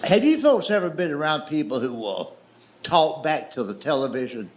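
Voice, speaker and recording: A stand-up comedian from the Southern United States tells a folksy, drawn-out story in his Southern accent, tossing in dry asides. His fairly high voice swings widely in pitch at normal speed, and the live recording picks up audience noise and laughter.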